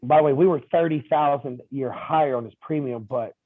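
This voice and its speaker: A man recounts sales anecdotes in an easygoing interview, slipping into the voices of the people he quotes and padding his sentences with ums and uhs. His voice sits a little high for a man. The sound is dry and thin, like a phone call. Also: fairly quick, no room sound. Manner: lively anecdotal telling with quoted dialogue and fillers. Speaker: insurance agent guest. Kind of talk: casual interview storytelling. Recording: tinny phone-like line.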